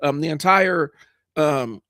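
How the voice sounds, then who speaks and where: A man's voice: on the high side, takes it slowly, sharp tone, dry recording, clean studio sound. Congested man ranting on a live stream. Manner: frank, rambling with many fillers and restarts, greets chat viewers; swears when angry. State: congested from a head cold. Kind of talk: casual live stream monologue.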